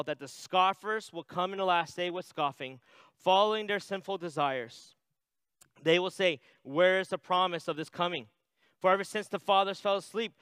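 A man's voice: sits high, a bit bright, clean tone, dry recording. A man preaching a sermon in a conversational way, reading scripture aloud and adding "right?" asides. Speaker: pastor.

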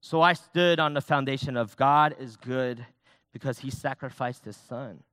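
A man's voice: medium pitch, normal speed, a bit bright, clear, resonant tone, no room sound, clean studio sound. Conversational man preaching with restarts. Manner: personal, conversational preaching with many restarts and fillers. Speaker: youth pastor. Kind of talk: sermon.

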